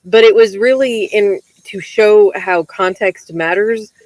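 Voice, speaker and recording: A woman chats on a livestream in an easy, explanatory way, an author talking shop about her books. Her voice sits at a middle pitch, and the sound is dry and close on a webcam mic. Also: slow, darkish tone, no room sound, low-quality recording. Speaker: author and book coach. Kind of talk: casual livestream chat.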